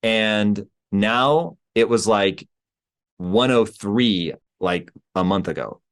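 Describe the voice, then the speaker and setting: A man's voice: lowish voice, animated, takes it slowly. A man hosting an interview, asking earnest, probing questions in casual talk. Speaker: podcast host.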